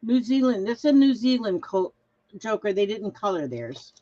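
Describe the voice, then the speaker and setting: A woman's voice: mid-range voice, very animated, moderate pace, warm tone, lo-fi sound. A woman hosting a casual craft livestream, chatting in a rambling way and reading viewer comments aloud. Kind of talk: casual live-stream chat.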